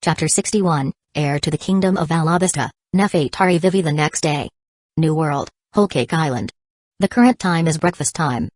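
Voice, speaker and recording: Low voiced woman reading an audiobook, steady, dry no-room sound. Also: moderate pace, no room sound. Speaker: audiobook narrator. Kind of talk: scripted narration.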